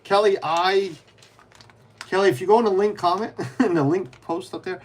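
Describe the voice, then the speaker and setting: A livestreamer whose voice sits high talks at normal speed on a casual stream. He rambles with lots of restarts, responds to viewers by name, and mutters to himself while handling pieces as he builds.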